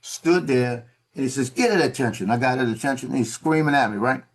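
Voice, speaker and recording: A man's voice: mid-range voice, brisk. A man on a video call, telling a story in a casual way and acting out the officers he quotes. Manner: animated, acts out quoted officers. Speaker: former Marine telling a story.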